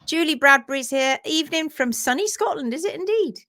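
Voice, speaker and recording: A bubbly woman hosts a casual live chat and warmly greets each viewer by name. Her voice sits high and sounds bright and crisp. She talks in a lively, sociable way throughout. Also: fairly quick. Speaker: livestream host. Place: at home, based in France.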